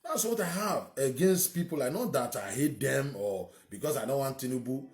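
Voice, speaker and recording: A man's voice: mid-range voice, lively intonation, moderate pace, darkish tone, echoey room. A man with a Nigerian accent giving an opinionated monologue as a political commentator, emphatic and ranting, firing off rhetorical questions.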